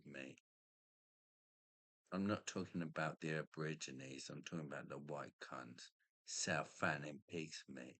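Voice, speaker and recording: A man's voice: deep voice, fairly bright tone, dry recording. A middle-aged man, ranting in a rambling, profane monologue and tacking on "mate" again and again.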